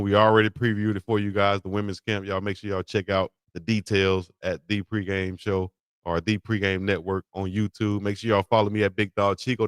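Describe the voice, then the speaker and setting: Man, low pitch, dry close mic, joking casual co-host. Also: smooth, no room sound. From Alabama. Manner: joking, laughing, drawling. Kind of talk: casual live-stream chat.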